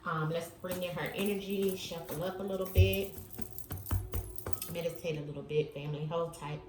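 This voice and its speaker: A woman's voice: fairly low pitch, fairly even intonation, moderate pace. A woman doing a chatty spiritual tarot reading, talking to viewers as family with lots of fillers. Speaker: tarot reader. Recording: echoey room with music behind.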